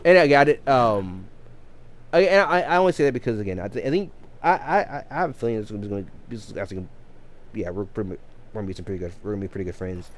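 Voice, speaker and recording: Rambling thirty-something man, lively pitch. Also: fast talker, a little hiss or hum. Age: 30s. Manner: rambling, with many restarts and repeated words. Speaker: game streamer and coach. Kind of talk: casual chat on a live stream.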